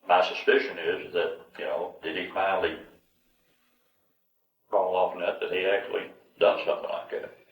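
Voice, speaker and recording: Deep man, rambling and suspicious, muffled distant roomy recording. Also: level tone, normal speed, long pauses. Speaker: interviewee, victim's father. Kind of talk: recorded police interview. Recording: dull, roomy audio from a distance.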